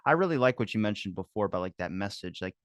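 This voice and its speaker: A man's voice: lowish voice, lively intonation, fast talker, no room sound, studio quality. A young man hosting an interview, asking rambling questions full of fillers in a casual chat.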